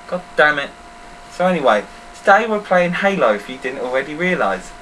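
Lively young man, mic far off. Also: a little high, brisk. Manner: joking, sweary, lively outbursts. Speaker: gaming channel host. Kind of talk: casual let's-play commentary. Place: room at home, recording while gaming. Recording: distant mic with faint noise.

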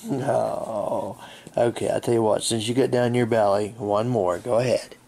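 A man with a mid-range, steady, dark-toned voice and some vocal fry speaks a little slowly as he narrates a game of fetch outside. The channel host coaxes his dog fondly in this casual vlog, with slight background noise behind him.

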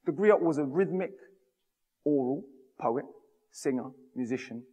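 Man, public talk, rhythmic and emphatic, fairly high voice, long echo of a large hall. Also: lively intonation, unhurried, warm tone, husky. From United Kingdom. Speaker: speaker.

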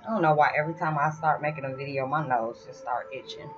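A woman's voice: sits low, fast talker. A woman talking casually and confidingly to her channel about spiritual matters, in a rambling, heartfelt way. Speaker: vlogger. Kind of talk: casual spiritual vlog talk. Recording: slightly dull lo-fi sound with music behind. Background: music.

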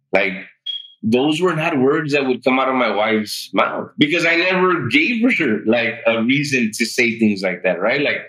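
A man on a podcast, telling his weight loss story in an animated, chatty way and peppering it with "like" and "dude". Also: medium pitch, low-quality recording. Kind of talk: casual interview storytelling.

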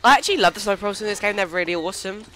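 A man giving casual gameplay commentary, excitable, squealing and swearing when startled. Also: high-pitched, rapid-fire, a little hiss or hum. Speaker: let's play gamer.

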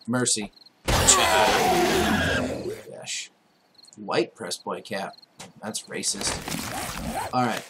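A man casually commentating on a survival game as he plays, excitable and talking back to the enemies on screen. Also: lowish voice, very noisy. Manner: excitable, talks to the game's enemies. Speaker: gameplay commentator. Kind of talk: casual let's-play commentary. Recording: loud game music under the voice.

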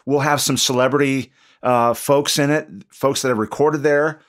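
A man's voice: mid-range voice, fairly even intonation, moderate pace. A man hosting a podcast in casual chat, jumping in with questions and then introducing the next topic. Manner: jumps in to ask questions and pin down details. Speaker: podcast host.

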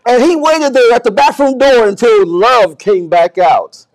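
A man preaching a sermon as pastor, swinging from soft to loud and often repeating and restarting words. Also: extremely high pitch, a little slow.

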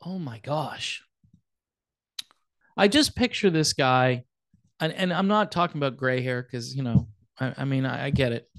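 A man's voice: fairly high pitch, animated, moderate pace, pauses often, a bit bright, dry recording. A man hosting a casual commentary show, talking in a sarcastic, mocking way. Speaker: host.

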